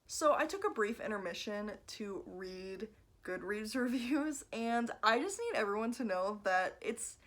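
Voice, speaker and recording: A young woman talking casually to camera in a book review vlog, animated and sarcastic, swearing often and breaking into laughter as she rants. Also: mid-range voice. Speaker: book vlogger.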